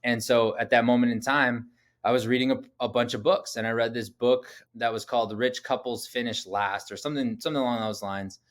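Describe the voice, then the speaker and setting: This man is a podcast guest in his thirties, chatting through personal stories in a casual interview. His voice sits at an everyday middle pitch. He talks in an animated way, scatters "like" throughout, and slips into acted-out dialogue. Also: fairly quick. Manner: animated, acts out quoted dialogue, frequent "like" fillers.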